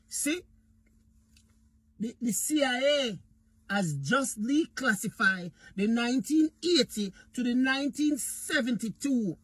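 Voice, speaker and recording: With no echo on the recording, a man with a very high, slightly bright and husky voice delivers an impassioned political rant in a Jamaican Patois accent. The commentator is fiery and preachy, calling out to his listeners and addressing Jamaica over and over.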